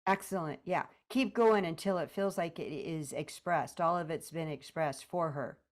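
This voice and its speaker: A woman therapist leading a session, gently prompting and directing her client step by step. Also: deep voice, normal speed.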